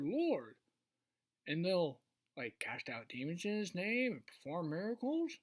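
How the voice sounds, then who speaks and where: A woman in a casual faith discussion, asking unhurried questions about belief. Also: medium pitch.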